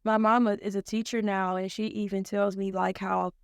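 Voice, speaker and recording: A woman's voice: medium pitch, level tone, normal speed, clean tone, no room sound, clean studio sound. A woman from Cincinnati hosting a casual podcast chat between moms, chatty and laughing often. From Cincinnati, Ohio. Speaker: podcast host.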